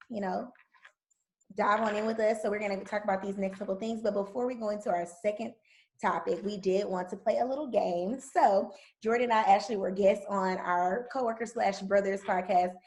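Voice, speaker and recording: A young woman with a Southern American accent hosts a casual podcast chat. Her voice has a gravelly edge, and she talks in an animated, emotional way, laughing easily. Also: mid-range voice, poor audio. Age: 20s. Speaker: podcast host.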